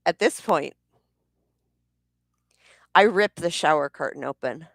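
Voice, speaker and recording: A woman's voice: low-pitched, lively intonation, slow pace, vocal fry, no room sound, studio quality. A woman vlogger telling a personal story in a blunt, heated way, swearing freely. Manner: blunt, profane, heated retelling.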